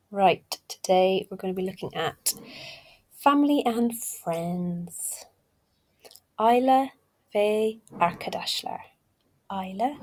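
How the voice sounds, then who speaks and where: Slow, husky woman teaching vocabulary. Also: medium pitch, mellow. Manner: chatty, self-deprecating, thinks aloud. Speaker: language learner teaching Turkish. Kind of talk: casual video lesson.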